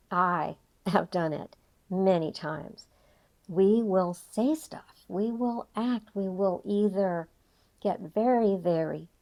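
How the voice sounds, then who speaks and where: An older woman coaching an emotional tapping session, reflective and gently guiding, with frequent pauses. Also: on the low side. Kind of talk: guided tapping session talk.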